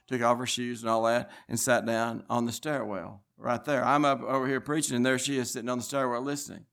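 A man's voice: medium pitch, fairly bright tone. A man preaching a sermon. He tells long stories in an earnest, insistent tone, often stopping and restarting his sentences. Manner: rambling storytelling with frequent restarts.

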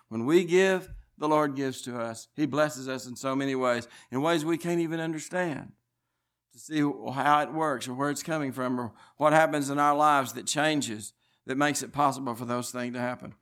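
A man's voice: medium pitch, moderate pace, fairly bright tone. Earnest preacher man. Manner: rambling storytelling with frequent restarts; earnest, insistent. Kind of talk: sermon.

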